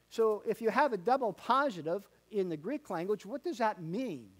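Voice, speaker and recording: High-voiced folksy male preacher. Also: lively intonation, normal speed, few pauses. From Canada. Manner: folksy, repetitive emphatic preaching with many fillers. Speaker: pastor. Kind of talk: sermon. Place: church sanctuary.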